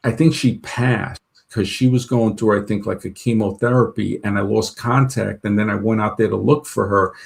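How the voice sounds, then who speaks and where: Rambling man with a gravelly voice. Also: lowish voice, steady tone, moderate pace. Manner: rambling, full of restarts and "she goes" retellings. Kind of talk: casual storytelling chat.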